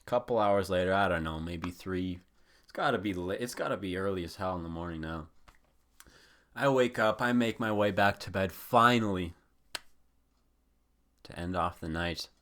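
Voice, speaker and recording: A man's voice: low-pitched, normal speed, pauses often, a bit bright. A young man hosting a podcast, telling a rambling, profane story in a casual chat style. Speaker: podcast host.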